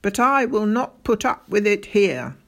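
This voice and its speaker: A woman playing a stern, bullying male schoolteacher with a military past, who shouts and barks his orders. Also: mid-range voice, sing-song, a little slow. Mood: menacing. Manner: shouting, barking.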